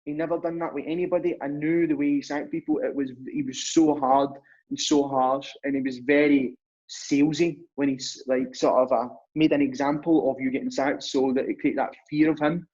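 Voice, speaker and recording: A man's voice: a little high, little pitch movement, a little fast, darkish tone, husky. A young man, a podcast guest telling his story in a chatty, rambling way. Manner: chatty, rambling, acts out dialogue. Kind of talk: casual storytelling. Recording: muffled lo-fi recording.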